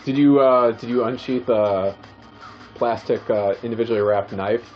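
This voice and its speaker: A man trades dry wisecracks on a casual podcast and reads game text aloud. His voice has a middling pitch. The sound is muffled and lo-fi, with faint music behind him. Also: fairly even intonation, normal speed. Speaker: podcast co-host. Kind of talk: casual chat while reading a game aloud.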